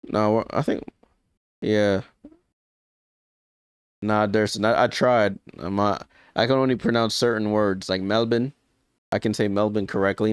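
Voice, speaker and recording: Smooth-voiced man calling a game live. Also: lowish voice, no room sound, clean studio sound. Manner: chatty, corrects himself often and laughs at his own slips. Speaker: live stream watch-along commentator. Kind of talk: casual live play-by-play commentary.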